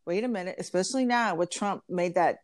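A woman's voice: fairly low pitch, brisk. A woman co-hosting a live radio talk show, speaking in an emphatic, incredulous way and repeating herself for stress.

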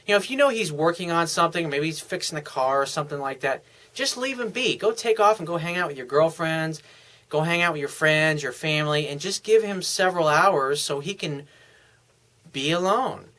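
A man's voice: a little high, brisk, sharp tone. A man giving frank, blunt relationship advice in a casual, coaching monologue.

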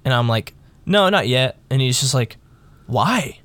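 A man's voice: mid-range voice, lively intonation, a little slow, fairly bright tone, no room sound. A man in casual chat, retelling a conversation in an easygoing way.

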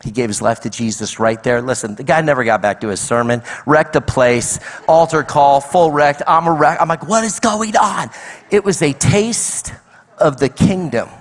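A man's voice: mid-range voice, normal speed, few pauses. A middle-aged man preaching a sermon as guest speaker, telling a story animatedly and acting out the people in it. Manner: animated storytelling with acted-out quotes. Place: large church hall. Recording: long hall reverb.

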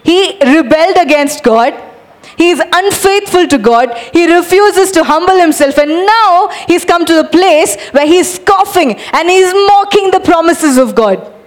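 A woman with a high voice delivers a lively sermon to her congregation. She urges her listeners on with energetic calls and animated, acted-out demonstrations. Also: unhurried. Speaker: preacher.

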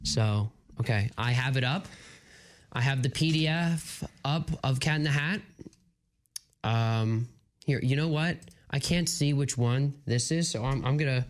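A man co-hosting a morning radio show, talking in an unhurried, chuckling way. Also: mid-range voice. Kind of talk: casual banter. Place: radio studio.

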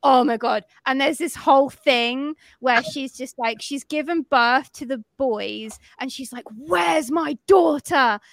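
A woman co-hosting a podcast, recapping a film in casual chat, animated and sweary, acting out the characters' lines. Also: high-pitched, a little slow, hardly any pauses, no room sound, studio quality. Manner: animated storytelling, acts out quotes, swears freely. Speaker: podcast co-host.

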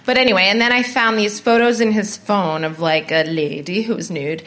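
Candid woman telling stories, middle pitch. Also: fairly even intonation, moderate pace, a bit bright. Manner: candid, anecdotal storytelling. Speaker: comedian guest. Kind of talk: casual podcast chat.

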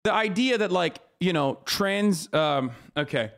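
A man's voice: high-pitched, animated, measured pace, fairly bright tone. A man streaming a reaction, ranting in an exasperated way, full of swearing, fillers and restarts. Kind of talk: profane reaction rant.

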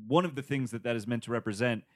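A man's voice: medium pitch, quick pace. Man making a long thoughtful point. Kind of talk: casual film discussion.

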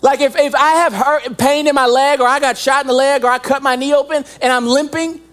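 A young man preaching a sermon as pastor, animated and joking, acting out little scenes as he goes. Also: very high-pitched, brisk.

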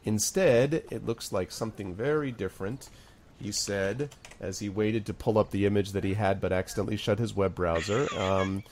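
A game master runs a tabletop game on a stream, narrating scenes in a rambling way full of fillers and restarts. He has a fairly low, slightly mellow voice at a moderate pace, with slight background noise.

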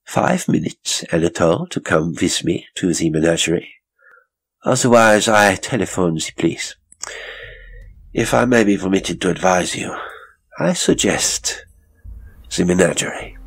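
A man's voice: exaggerated voice, poor audio. A man doing a silky sinister circus boss. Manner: smooth, mocking politeness with sudden high lilts. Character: sinister older male circus director, silkily courteous.

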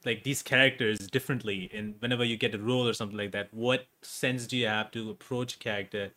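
A man hosting an interview, asking halting, enthusiastic questions. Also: lowish voice, steady tone, pushed and bright. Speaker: interview host. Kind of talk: casual video call interview.

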